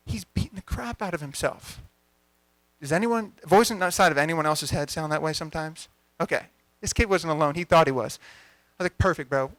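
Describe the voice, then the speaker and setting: Animated young man telling a coaching story. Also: a little high, fast talker, no room sound. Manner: energetic, conversational, acts out dialogue. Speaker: coach giving a talk. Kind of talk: storytelling talk to a live audience. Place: event venue.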